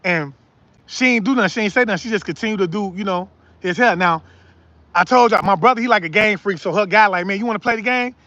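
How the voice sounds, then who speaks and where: A man's voice: sits high, fast talker, dry recording. A young man telling a story casually to viewers and acting out what the other people said. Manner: animated, acts out other people's lines. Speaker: spiritual storyteller. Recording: dull lo-fi dry sound.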